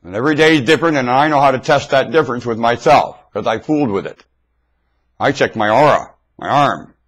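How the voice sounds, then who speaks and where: A man talking into a webcam in a rambling, blunt monologue, swinging between loud emphatic outbursts and low mutters. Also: a little fast. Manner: blunt, confrontational. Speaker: webcam video maker. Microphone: webcam microphone.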